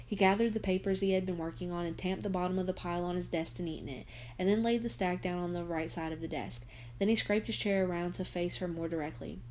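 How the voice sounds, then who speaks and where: Female teacher narrating a novel, steady, slightly low voice. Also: quick pace, slight background noise. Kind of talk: audiobook reading for students.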